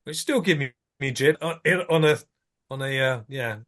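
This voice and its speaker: A man, a podcast guest telling a lively anecdote and acting out his own lines. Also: medium pitch, normal speed. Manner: animated storyteller, acts out his own lines. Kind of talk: anecdote in casual chat.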